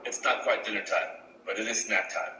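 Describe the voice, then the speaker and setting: A man voicing a boastful muscleman who eats raw organs, in a very deep, bragging deadpan. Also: fairly quick, a little hiss or hum. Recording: echoey room, from far off.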